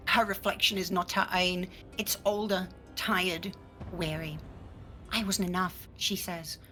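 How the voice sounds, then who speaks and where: A woman giving a soft, measured dramatic reading of a scene in a tabletop game. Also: medium pitch, low-quality recording. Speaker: player reading a scene aloud.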